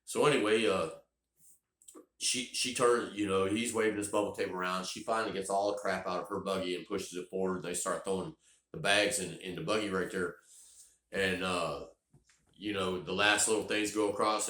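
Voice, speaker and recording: Rambling middle-aged man, bright voice. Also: low voice, fairly even intonation, moderate pace. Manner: rambling and profane, lots of restarts and "you know". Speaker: storyteller. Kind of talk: comedic personal storytelling. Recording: echoey room.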